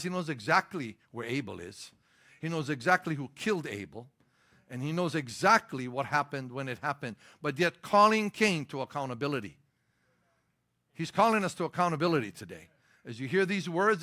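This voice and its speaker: A middle-aged pastor delivers a sermon in a fairly high voice with a bright, forceful edge. He hammers points home with sudden emphatic lines, then eases into relaxed storytelling asides.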